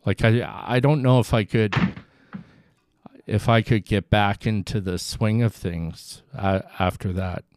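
Slow, smooth-voiced male host. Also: on the low side, fairly even intonation, darkish tone, no room sound, studio quality. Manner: halting, thoughtful, restarts often. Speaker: podcast host. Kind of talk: casual podcast conversation.

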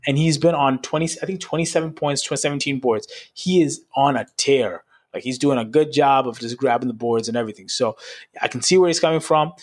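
A man co-hosts a basketball podcast in loose, casual chat. He rambles through his points and keeps checking in with "right?". His voice sits at a middling pitch. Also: fairly quick. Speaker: podcast co-host.

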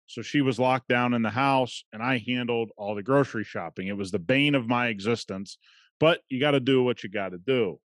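A man's voice: medium pitch, no room sound, studio quality. A man hosting a podcast, telling a story in a conversational, emphatic way. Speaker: podcast host. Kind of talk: casual podcast monologue.

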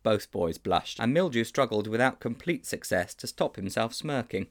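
A man reading a children's novel aloud with measured, expressive narration. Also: medium pitch. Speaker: storybook reader.

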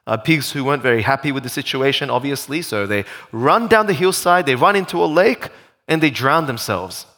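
A man preaching a sermon, his voice riding high and swooping up and down as he builds each point. He speaks with animated energy and stacks up rhetorical questions, like a pastor addressing his congregation.

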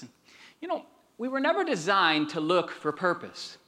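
A middle-aged pastor preaching a sermon, moving between quiet storytelling and emphatic calls to the congregation. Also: male voice, high-pitched, very animated, moderate pace.

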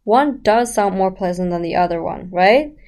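A woman's voice: medium pitch, animated, moderate pace, darkish tone. A woman teaching about the voice in a chatty, explanatory way, speaking straight to the listener and asking rhetorical questions. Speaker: voice coach. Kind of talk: casual explanatory lesson.

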